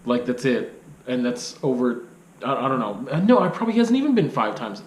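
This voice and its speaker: A young man rambles into the camera from his art studio, circling back on himself and laughing at his own tangents. His voice sits at a middling pitch and rings off the bare walls of the room. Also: lively intonation, brisk. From Canada. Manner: rambling and self-deprecating, lots of hedging fillers. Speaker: video blogger and artist. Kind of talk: casual unscripted monologue. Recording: echoey room.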